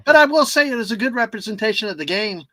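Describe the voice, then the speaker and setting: A man trades cranky, teasing jokes on a casual live stream. His voice is bright and forward, and it sounds close and dry with no room echo. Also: sits high, expressive, fast. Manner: joking, teasing, cranky banter. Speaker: co-host guest.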